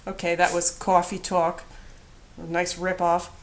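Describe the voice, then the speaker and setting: A woman's voice: fairly low pitch, monotone, a little slow, a little hiss or hum. A woman vlogging about a doll she was given, chatty and gushing with emotion, on the edge of tears. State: teary. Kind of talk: casual doll review vlog.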